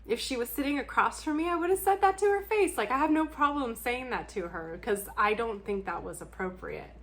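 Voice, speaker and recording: A woman's voice: fairly high pitch, animated, fairly quick, a bit bright. A young adult woman talking bluntly and candidly to camera in a casual vlog chat, laughing often and swearing freely. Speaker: book vlogger.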